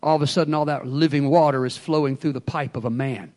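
A man's voice: medium pitch, fairly even intonation, quick pace, hardly any pauses, a little mellow. A man preaching an emphatic sermon and calling on the congregation to respond.

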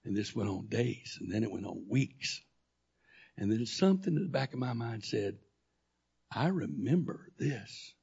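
A male pastor telling a personal testimony in a sermon, animated, acting out the dialogue as he goes. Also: fairly low pitch, normal speed. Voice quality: gravelly, husky. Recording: dull lo-fi recording.

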